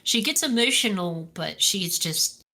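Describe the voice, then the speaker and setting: Bright-voiced, giggly woman on a podcast. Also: mid-range voice, unhurried. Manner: animated, giggly, acts out characters' lines. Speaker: podcast co-host. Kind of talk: casual chat.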